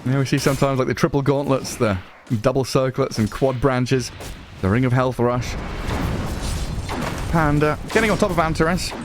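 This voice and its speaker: A man with a Northern English accent giving lively play-by-play commentary on an esports match, excitable and quick to laugh. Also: mid-range voice, background noise. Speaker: esports caster. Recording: music playing underneath.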